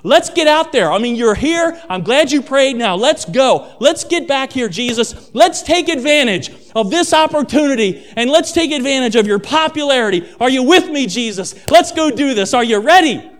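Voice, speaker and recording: A preacher playing an excited, pushy apostle. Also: male voice, very high voice, pitched above the performer's own voice. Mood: excited, urging. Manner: rushed, pleading, building excitement. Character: eager excited adult man, apostle, pushy. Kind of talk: dramatized sermon retelling.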